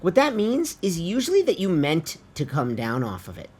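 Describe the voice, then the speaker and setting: With a fairly high, slightly mellow, husky voice full of huge pitch swings, a music producer teaches vocal tuning at a moderate pace. His screen-recorded tutorial is easygoing and talkative, peppered with offhand swearing and calling the viewers his friends.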